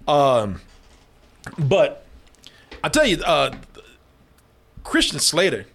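High, lively man laughing through a movie chat. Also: very slow, breathy edge. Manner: laughs often, swears, talks loosely. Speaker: podcast co-host. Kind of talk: casual movie review chat.

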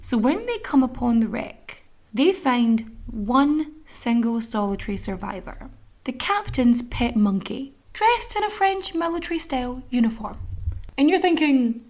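Rambling woman podcast host, higher voice. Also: sing-song, unhurried, darkish tone. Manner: rambling, filler-heavy, swears freely. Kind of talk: casual history chat.

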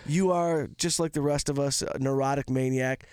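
A man's voice: medium pitch, fairly even intonation, normal speed, a little mellow, smooth, no echo, clean studio sound. A man hosting a casual podcast chat, hyped and emphatic, calling his guest bro. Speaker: host.

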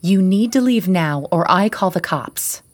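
A woman's voice: on the low side, lively intonation, unhurried. A woman voicing a defiant frightened woman. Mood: firm. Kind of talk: audiobook character reading.

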